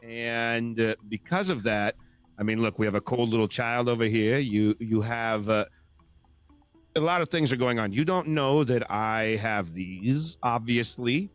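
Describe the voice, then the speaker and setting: A man's voice: medium pitch, unhurried, no echo, soft background music. A man playing a tabletop role-playing game in character, earnestly rambling and stumbling over his words. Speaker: player.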